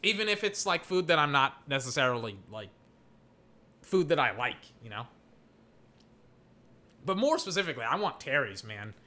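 A young man from Texas rambling casually, full of filler words, breaking into excited play-by-play as he watches football. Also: a little high, moderate pace, pauses often. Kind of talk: casual rambling chat while calling a football game.

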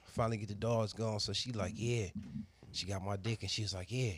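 A man, a barber, casually telling a crude story with lots of slang and voiced quotes, animated and loud at times. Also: lowish voice, brisk, slight background noise.

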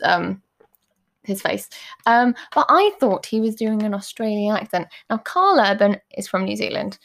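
A woman co-hosts a relaxed chat podcast, talking things through with frequent ums and little laughs. Her voice sits at an ordinary middle pitch. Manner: chatty, with lots of ums and giggles. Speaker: podcast co-host. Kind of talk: casual chat.

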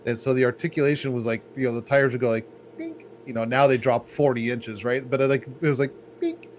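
A podcast co-host with a mid-range voice talks fast in a flat delivery. He tells stories in a laid-back, rambling way, full of "like," over faint background noise.

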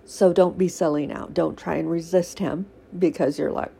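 A woman with a low, gravelly voice talks earnestly about her faith, teary and heartfelt. Her tone is mellow and a bit husky, and she speaks casually with many fillers. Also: lively intonation, normal speed. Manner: earnest, emotional, laughs often, many fillers. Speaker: faith podcaster. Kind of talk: casual devotional talk.

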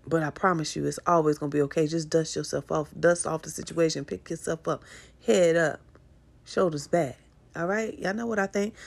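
A middle-aged woman talks casually to her podcast listeners, her voice low-set and full of vocal fry. She is encouraging and affectionate, calling listeners honey and coming back to the same reassuring phrases again and again. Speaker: podcast host. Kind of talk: casual motivational talk.

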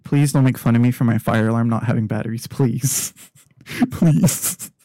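A man's voice: medium pitch, steady tone, quick pace, warm tone, no room sound, clean studio sound. A man hosting a podcast over a remote call, laid-back and wry in short casual replies. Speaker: podcast host. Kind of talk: casual chat. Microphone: remote call mic.

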